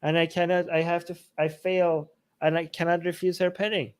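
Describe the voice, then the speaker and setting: A man's voice: a little high, flat delivery, fairly quick, smooth. A man co-hosting a casual news talk show at home, talking in heated, emphatic rants. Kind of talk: casual opinionated chat. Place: at home with dogs.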